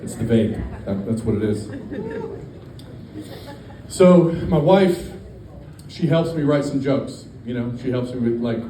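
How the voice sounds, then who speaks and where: Male stand-up comic, deadpan rambler, mellow voice, roomy brewery sound with faint ambience. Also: medium pitch, unhurried, pauses often, slight background noise. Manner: deadpan, rambling with many fillers. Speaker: stand-up comedian. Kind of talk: stand-up set. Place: brewery stage. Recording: echoey room, distant mic, faint ambience.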